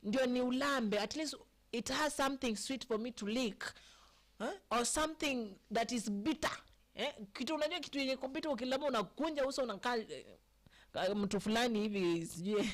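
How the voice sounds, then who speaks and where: Kenyan woman, live stream host, casual chat, talks to viewers, slightly high voice. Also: normal speed. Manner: chatty, talks to viewers by name, asks "eh?" often. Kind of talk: casual live chat mixing English and Swahili.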